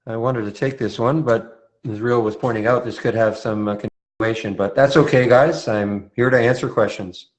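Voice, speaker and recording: A man's voice: mid-range voice, steady tone, normal speed. A man from Montreal moderating a live trading room, answering viewer questions in a loose conversational way with frequent restarts. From Montreal, Canada.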